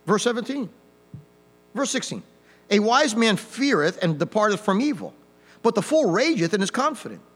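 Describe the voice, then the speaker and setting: A man preaching an old-fashioned hellfire sermon, swinging from quiet to loud with mocking asides. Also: high-pitched, very animated, normal speed, long pauses, big-room sound. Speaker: pastor.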